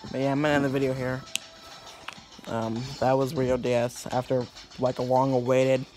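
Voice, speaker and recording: A man closes out a gameplay video in loose, rambling chat, dropping swears and breaking into laughter between half-finished thoughts. His voice sits at an ordinary middle pitch. Faint music plays underneath. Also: little pitch movement, moderate pace, a little mellow. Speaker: let's play host. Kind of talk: casual gameplay commentary.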